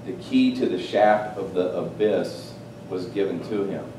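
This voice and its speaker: A man preaching a sermon, swinging between loud, excited exclamations and hushed, quiet asides. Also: unhurried. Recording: roomy, distant mic with faint rumble.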